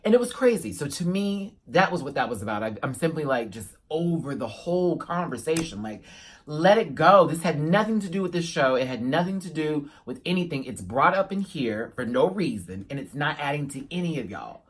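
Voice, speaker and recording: A man giving a casual reaction review to his viewers, animated and sassy, with playful asides. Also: a little high, fairly quick, husky. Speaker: YouTube reviewer.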